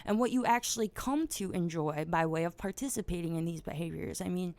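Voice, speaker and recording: A woman's voice: lowish voice, a little fast, no room sound. A blunt, profane woman podcast host. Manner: blunt and profane, grows loud and heated. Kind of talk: casual opinionated monologue.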